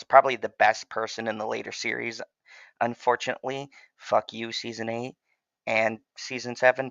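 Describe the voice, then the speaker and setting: A man's voice: medium pitch, pushed and bright, no echo, dull audio. A man hosting his own channel, giving a casual spoken TV review in a profane, emphatic and passionate way. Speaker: TV show reviewer and channel host.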